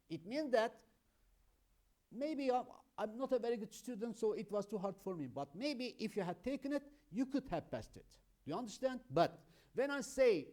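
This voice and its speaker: A man teaching an English grammar lesson, explaining slowly and emphatically through examples. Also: sits high, darkish tone. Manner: slow, emphatic, explains with examples, keeps saying "my friends".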